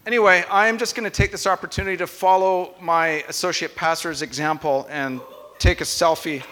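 A young man pastor with a high, bright voice, preaching in a relaxed, playful way that teases his listeners. His words ring out with the long reverb of a church hall. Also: fairly quick, a little hiss or hum. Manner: playful, chatty, teasing the congregation. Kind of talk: conversational sermon. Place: church sanctuary.

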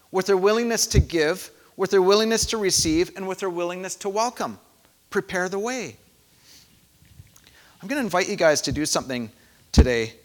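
A man preaching in a church, his voice high and bright against the long echo of the hall. He speaks calmly and reflectively, going quiet at times and then leading loud shouted responses. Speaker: pastor. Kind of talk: sermon. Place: church sanctuary. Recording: echoey hall.

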